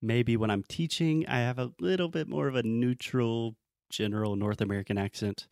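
A man's voice: mid-range voice, moderate pace, vocal fry, darkish tone, no echo, studio quality. A man with a Southern US accent, an English teacher explaining in a casual chat, often acting out sample quotes. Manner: explains with acted-out example quotes.

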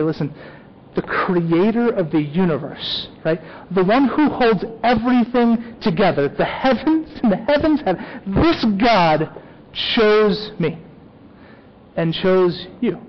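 A man's voice: high-pitched, muffled recording, a little hiss or hum. A man preaching a sermon as a pastor, talking conversationally and often checking in with "okay?".

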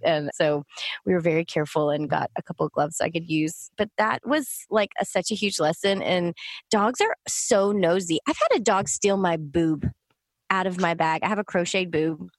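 A woman with a fairly low voice chats on a podcast. She laughs often and tosses in playful asides between her stories. The recording is dry and close-miked. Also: moderate pace, dry recording. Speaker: podcast co-host, lactation consultant. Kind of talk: casual chat.

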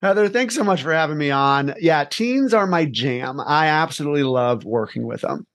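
A man who coaches teens, telling stories in an animated, energetic way in a casual podcast interview. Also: on the high side, moderate pace, no room sound. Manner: animated, energetic storyteller who acts out scenes. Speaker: teen life coach.

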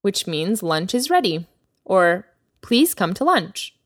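Woman, podcast language teacher, clear careful delivery, lively intonation, dry close sound. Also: mid-range voice, slow pace, no echo. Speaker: Persian teacher, podcast host.

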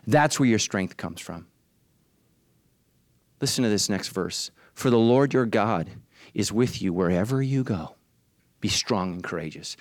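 A male pastor delivering a sermon in church, swinging from hushed, low lines to high, shouted ones with urgent repeated refrains. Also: dry recording, studio quality.

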